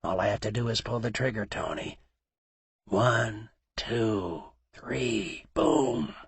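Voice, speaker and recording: A man voicing a cold, cruel male mob boss who taunts in a low voice that he rarely raises. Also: slow, vocal fry, breathy edge, dry recording, full character voice. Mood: menacing.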